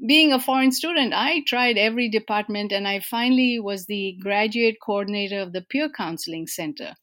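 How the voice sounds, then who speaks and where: A woman's voice: mid-range voice, a little fast. Woman from India, interview storyteller. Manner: warm, self-deprecating storytelling with frequent hesitations. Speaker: interviewee, organization president. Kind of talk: conversational interview answers.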